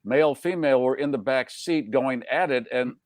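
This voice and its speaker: A man's voice: medium pitch, moderate pace, darkish tone, no room sound, clean studio sound. A man hosting a casual live show, joking around and reading out listener check-ins. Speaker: host.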